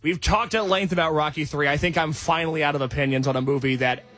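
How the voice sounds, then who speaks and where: A man's voice: fairly high pitch, steady tone, fairly bright tone, soft background music. A man giving an enthusiastic, jokey movie review on a radio show. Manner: enthusiastic, quick-talking, jokey.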